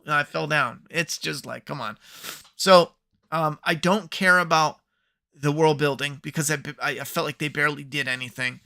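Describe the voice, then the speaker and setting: A man's voice: on the high side, moderate pace, vocal fry, pushed and bright. A man hosting a podcast, giving a profane, sarcastic TV review rant. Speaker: podcast host. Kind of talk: ranting TV review.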